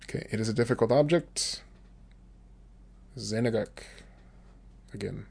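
A man teaching a language lesson on his podcast, patiently repeating each phrase slowly so listeners can follow along, recorded close on a desk microphone. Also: lowish voice, vocal fry, darkish tone.

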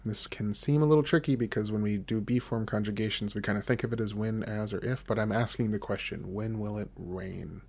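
A man with a gravelly, creaky voice gives a recorded language lesson. He repeats each phrase slowly and patiently for his learners. He speaks close to a desk microphone. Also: on the low side, steady tone, darkish tone. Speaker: language teacher.

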